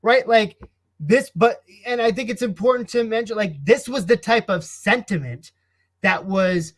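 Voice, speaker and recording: A man's voice: sits high, a little slow. A man co-hosting a casual political chat, thoughtful and hesitant, with many fillers. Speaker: co-host.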